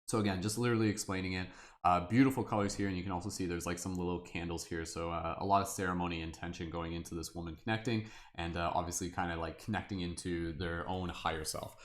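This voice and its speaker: Man, deep voice, live stream host, casual, rambling, upbeat. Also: steady tone, fast. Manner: rambling, many "like" fillers, upbeat.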